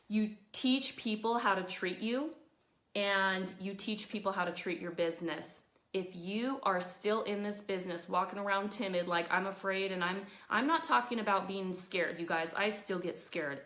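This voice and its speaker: A woman talking live to her network marketing team, chatty and earnest, giving motivational highlights. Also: a bit bright, reverberant. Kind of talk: casual Facebook Live talk.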